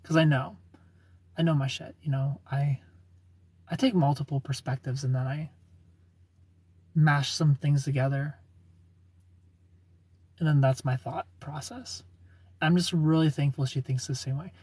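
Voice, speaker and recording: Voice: mid-range voice, steady tone, unhurried, long pauses, darkish tone, husky, dry recording. A livestreamer in their thirties answering chat comments in a chatty, opinionated way and laughing often. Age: 30s.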